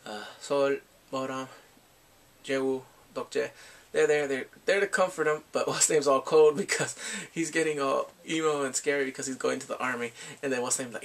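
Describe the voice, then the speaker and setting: A man casually recapping and reviewing a drama, excitable and animated, often laughing and acting out his reactions. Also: mid-range voice, moderate pace.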